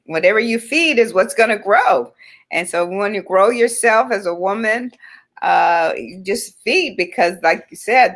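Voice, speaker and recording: A woman's voice: mid-range voice, fairly bright tone. A woman hosting a faith-based talk show, speaking in an encouraging, affirming way and often answering with "right". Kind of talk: faith-based casual chat.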